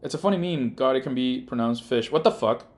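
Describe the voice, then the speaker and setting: A man's voice: mid-range voice, brisk. A man, a native Spanish speaker with a Rioplatense accent, casually chatting and thinking aloud as he streams his game development work. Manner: rambling, thinking aloud with many fillers. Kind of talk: casual live-stream chat while working.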